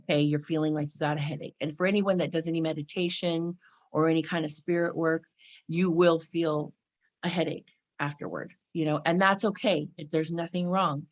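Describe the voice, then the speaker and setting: A woman in her forties from California gives a casual spiritual talk to camera. Her voice sits a little low, and she keeps checking in with her listeners, breaking into playful exclamations now and then. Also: steady tone, moderate pace. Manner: chatty, frequent "right?" and "you know", acts out exclamations. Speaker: spiritual vlogger.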